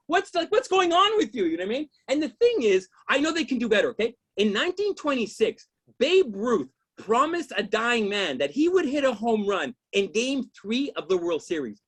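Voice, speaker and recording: A man's voice: very high-pitched, very animated, normal speed, a bit bright. Exasperated ranting stand-up man. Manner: ranting, exasperated, swears often, keeps asking "you know what I mean?". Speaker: stand-up comedian. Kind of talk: stand-up routine.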